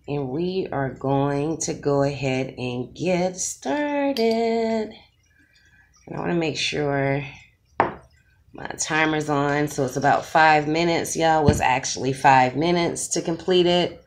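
A woman's voice: deep voice, a little hiss or hum. A woman hosting a casual eating-challenge vlog from her dinner table, chatting with viewers and calling them y'all and guys. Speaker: mukbang host.

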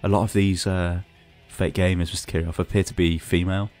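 Podcast host, excitable sarcastic rants, headset voice chat with faint background music. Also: male voice, sits low, fairly quick. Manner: animated, sarcastic ranting. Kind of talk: casual ranting chat.

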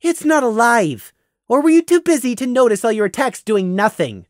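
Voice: mid-range voice, sing-song, normal speed, no room sound, clean studio sound, pitched above the performer's own voice, close to an everyday voice. A man voicing a young male lamb who explains things in a cutting, matter-of-fact way. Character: young male lamb, sharp-tongued and knowing.

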